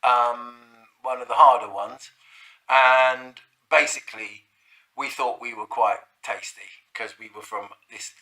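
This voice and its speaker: Bright-voiced man spinning a yarn. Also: mid-range voice, fairly even intonation, a little slow. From South London. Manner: rambling, sweary, full of restarts and "like, you know". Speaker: storyteller. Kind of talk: casual spoken storytelling.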